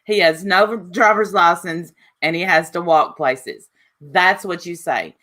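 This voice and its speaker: A woman's voice: fairly low pitch, a little slow, pushed and bright. A woman streamer in a casual, teasing chat, laughing often and trash-talking.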